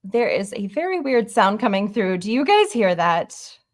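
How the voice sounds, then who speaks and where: A woman hosting a horror channel in a casual livestream, talking in an excitable, rambling way. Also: mid-range voice, moderate pace, dry recording, clean studio sound.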